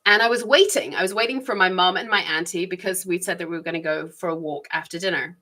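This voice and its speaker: With a lowish, sharp-toned voice and a fast delivery, a woman vlogger recounts personal stories in a relaxed, reflective monologue. She stays chatty, often breaking into light little laughs while her pace keeps shifting.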